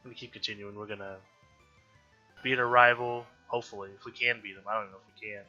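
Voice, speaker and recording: A man's voice: on the low side, little pitch movement, a little fast, sharp tone. Nasal-voiced man narrating a game. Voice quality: nasal from allergies. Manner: chatty, thinking aloud, frustrated outbursts. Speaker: gaming YouTuber. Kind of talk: casual let's-play commentary. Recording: dull lo-fi audio with faint game music. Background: faint game music.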